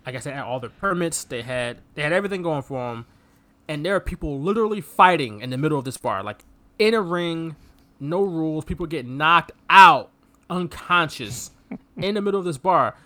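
A man's voice: on the high side, animated, normal speed, sharp tone. A man co-hosting a podcast, riffing sarcastically on a movie and laughing often. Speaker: podcast co-host. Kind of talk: casual movie review chat.

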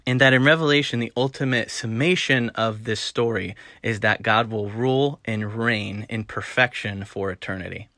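A man preaching an earnest sermon, repeating words for emphasis and rising to loud stresses. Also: lowish voice, moderate pace, hardly any pauses, dry recording, studio quality. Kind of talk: sermon-style teaching.

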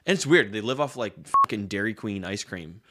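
A man's voice: on the low side, lively intonation, brisk, noisy background. A man co-hosting a casual podcast, talking loosely, swearing and laughing easily. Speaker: podcast co-host. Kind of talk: casual chat and interviewing.

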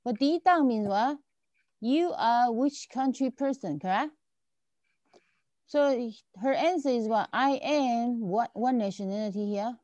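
A woman's voice: a little high, measured pace, darkish tone, no echo, lo-fi sound. A woman teaching a language lesson, patiently repeating and checking that her students follow. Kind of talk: online tutoring lesson.

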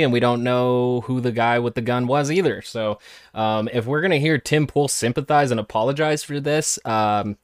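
A man's voice: medium pitch, no echo, clean studio sound. Sarcastic man commenting on clips. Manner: sarcastic, mocking impressions. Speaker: podcast host.

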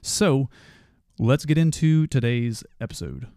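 A man's voice: medium pitch, lively intonation, a little slow, vocal fry. A man in his thirties hosting a motivational podcast, telling a family story in an earnest way that grows passionate. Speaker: podcast host.

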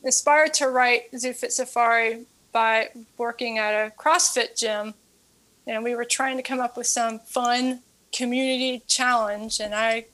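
An earnest woman who coaches fitness and has written a book, telling a story as an interview guest. Her voice sits a touch high, and she often repeats her words as she builds a point. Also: fairly even intonation, unhurried, a bit bright.

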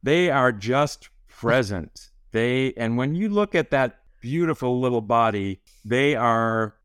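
A man, a physician guest on a podcast, explaining ideas in a calm, measured way. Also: mid-range voice, smooth, no echo, studio quality. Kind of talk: conversational interview.

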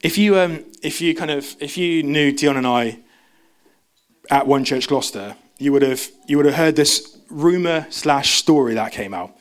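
At a normal speed, a young man delivers an informal sermon in church. He talks chattily, breaks into his own sentences, and voices quoted speakers in a raised pitch.

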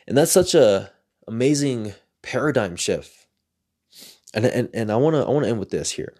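A man's voice: medium pitch, darkish tone. A man hosting a solo podcast, talking in an earnest, reflective way and often repeating words as he searches for them. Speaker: podcast host.

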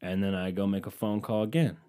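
A man's voice: on the low side, fairly even intonation, brisk, dark tone. A man telling a comedic story in a casual, rambling way, sarcastic and full of swearing.

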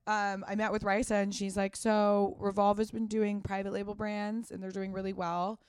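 A woman in her thirties chats as a guest, rambling through her story with lots of fillers and a casual swear here and there. Her voice is smooth and clear, and the recording is dry and close. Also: medium pitch, level tone, brisk, hardly any pauses, no room sound. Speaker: guest, fashion brand founder. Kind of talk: casual interview chat.

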